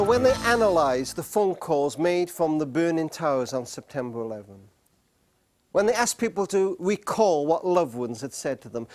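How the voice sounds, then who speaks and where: A middle-aged man giving an earnest storytelling talk on marriage to a live studio audience, slowing down and pausing for emphasis. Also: high-pitched. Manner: earnest, with slow emphatic pauses. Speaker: speaker on marriage.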